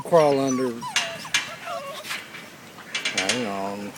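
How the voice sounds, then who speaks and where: A middle-aged man walking outdoors with his camera, calling and coaxing puppies in a sing-song voice, with low muttered asides between calls. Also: unhurried, pauses often. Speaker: dog breeder filming his litter. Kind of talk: casual home video narration. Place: outdoors, rural yard and road. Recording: loud outdoor noise on camera mic.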